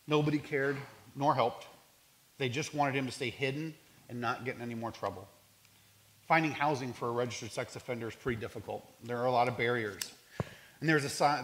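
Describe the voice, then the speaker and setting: An earnest man recounting stories from his outreach work, reflective and sincere as he talks. His voice sits in an ordinary middle range, and he sometimes stops and restarts a phrase. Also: medium pitch. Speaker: homeless outreach worker. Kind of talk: storytelling talk.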